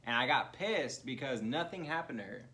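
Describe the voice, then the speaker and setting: A man's voice: mid-range voice, animated, moderate pace, pushed and bright. A man co-hosting a comedy podcast, telling profane childhood stories in a loose, laughing way. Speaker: podcast co-host. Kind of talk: casual chat.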